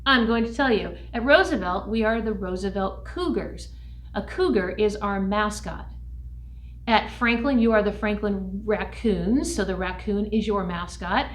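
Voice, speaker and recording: A woman music teacher giving an upbeat lesson to young children, speaking slowly and clearly. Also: reverberant, far from the mic. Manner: shouts chant calls in a high voice.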